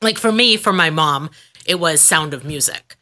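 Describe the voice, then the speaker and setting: A middle-aged woman with a lowish, bright, forward voice co-hosts a podcast. She chats casually and tells stories in a lively way, putting on the voices of the people she quotes. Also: moderate pace. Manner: animated storyteller, acts out quotes. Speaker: podcast co-host. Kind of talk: casual chat.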